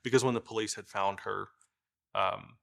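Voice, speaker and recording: A middle-aged man giving a halting documentary interview, with many fillers and restarts. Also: fairly low pitch, steady tone, vocal fry. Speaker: brother of the deceased.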